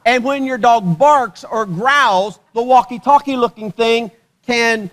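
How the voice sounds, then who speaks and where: A man's voice: very high-pitched, takes it slowly, a bit bright. A male pastor giving a sermon at a church service, conversational and joking, often putting questions to the congregation.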